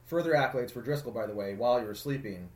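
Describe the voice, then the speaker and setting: A man in his thirties co-hosting a casual podcast chat, telling lively stories and mimicking friends. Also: very fast, roomy sound. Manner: animated storyteller, quotes friends in loud high voices. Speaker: podcast co-host.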